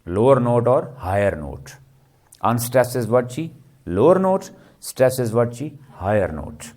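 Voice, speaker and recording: A man giving a classroom lecture, often asking his students "clear?" and answering his own questions. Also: mid-range voice, sing-song, measured pace, darkish tone. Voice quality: repetitive, question-and-answer teaching style. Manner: checks understanding with frequent "clear?" and "ji".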